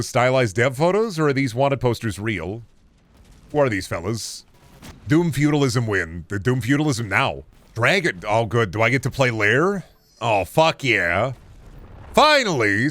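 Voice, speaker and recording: A young man from the American Midwest talks over his gameplay stream in a loose, joking way. He swears freely and slips into silly bits. His pitch swings around a lot as he riffs. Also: fairly bright tone, dry recording. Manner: goofy, profane, jokey riffing with mock voices. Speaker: streamer playing a game. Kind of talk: casual gameplay commentary.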